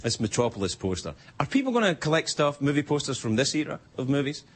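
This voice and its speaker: A man's voice: medium pitch, very animated, quick pace, husky. A man with a Scottish accent delivering a rambling, wry late-night stand-up monologue in a TV studio. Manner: wry, rambling, jumps into silly voices. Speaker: late-night talk show host. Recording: TV studio with audience laughter and noise.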